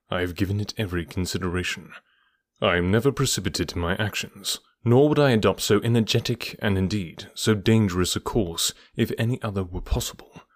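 A man reading the part of a calm, cool-headed middle-aged detective in an audiobook, speaking in a measured, dryly assured, hushed way. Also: fairly low pitch, no room sound, natural voice.

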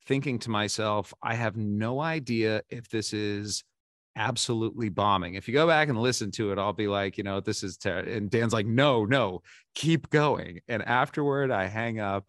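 Man, forties, low voice, dry close sound, candid, self-deprecating, restarts sentences, podcast guest. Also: a bit bright, dry recording. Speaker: podcast guest, baseball insider. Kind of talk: casual interview storytelling.

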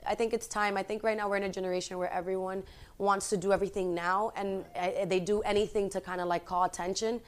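A woman's voice: medium pitch, little pitch movement, fast talker. A woman in her twenties, a guest and actress, chatting casually in an interview, rambling and filling her talk with "like" and "you know". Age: 20s.

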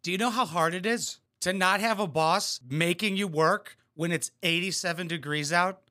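A man's voice: high voice, moderate pace, sharp tone. A man hosting a reaction video, tossing out crude, sarcastic, mocking commentary.

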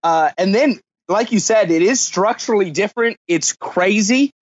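An American man chats as a podcast guest, making fun of himself and laughing often. His voice is high for a man and comes through dull and lo-fi. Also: normal speed. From United States. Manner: playful, self-deprecating, laughs often. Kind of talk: casual podcast chat.

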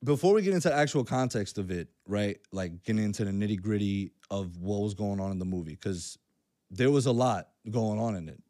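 A man co-hosting a podcast in casual chat, talking fast and loose with lots of slang and fillers. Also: on the low side, mellow. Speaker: podcast co-host.

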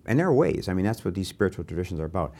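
An older man hosting a conversation, telling animated, self-deprecating anecdotes. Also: low voice, very fast. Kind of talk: conversational interview.

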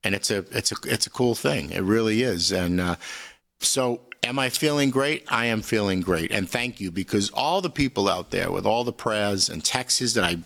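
A man's voice: lowish voice, expressive, moderate pace, creaky, fairly bright tone. A man co-hosting a talk show, chatting casually and telling a story, often repeating words. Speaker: co-host. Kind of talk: casual studio chat.

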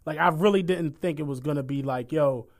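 A man's voice: on the high side, fairly quick. A man co-hosting a podcast, chatting loosely with plenty of slang, swearing and laughter. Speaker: podcast co-host. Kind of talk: casual chat.

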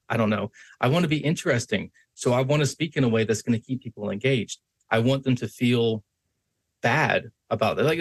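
A man hosts a podcast episode on persuasion, teaching in a relaxed, conversational flow. His voice carries a mild huskiness and he bends his tone up and down to show what he means. The sound is close and dry. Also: mid-range voice, no room sound. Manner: conversational, varies his tone to demonstrate, frequent restarts and "right?" checks. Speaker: podcast host. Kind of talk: instructional talk on voice and persuasion.

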